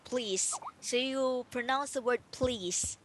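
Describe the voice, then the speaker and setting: A woman's voice: high-pitched, takes it slowly, slight background noise. A woman tutoring English one-on-one over a video call, patiently explaining phrases with many fillers.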